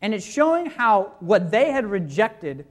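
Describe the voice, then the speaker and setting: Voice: medium pitch, sing-song, unhurried. A preacher giving a sermon, walking listeners through scripture passages and posing rhetorical questions to the congregation.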